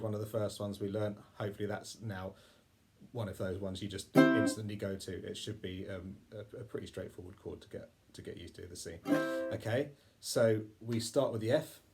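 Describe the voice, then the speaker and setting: Self-deprecating man teaching ukulele. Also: lowish voice. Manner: self-deprecating, apologetic, chatty. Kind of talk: casual music tutorial. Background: ukulele playing.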